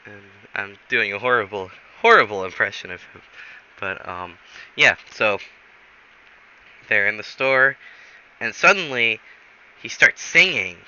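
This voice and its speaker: Man improvising a story, slow, rambling, bright tone, dull lo-fi recording. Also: lowish voice, lively intonation, smooth. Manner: rambling, halting, many fillers.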